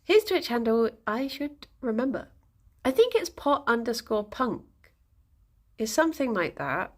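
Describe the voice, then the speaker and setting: Streaming from her home, a young British woman chats in a playful, giggly way and coos at her pet rabbits. She speaks at a measured pace in a high-ish voice with big swings in pitch.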